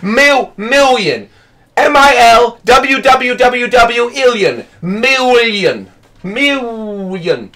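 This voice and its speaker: A man putting on a boastful young male YouTuber with a fake British accent, loud and saying "mate" a lot. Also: very high-pitched, expressive, extremely slow, recorded from a distance, voice pushed up, heavily acted. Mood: hyped boasting.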